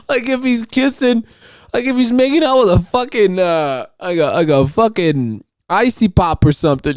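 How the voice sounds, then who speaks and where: A man's voice: high-pitched, a little mellow. A man hosting his own podcast, talking alone in a loose, rambling, profane monologue. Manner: rambling, profane, restarts and fillers. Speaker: podcast host. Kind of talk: casual solo podcast monologue.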